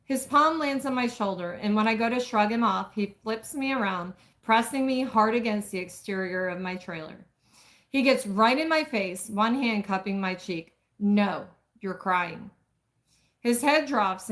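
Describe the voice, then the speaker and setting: A woman live-streaming a dramatic reading of a romance novel, pausing for asides about her stumbles. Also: mid-range voice, a bit bright.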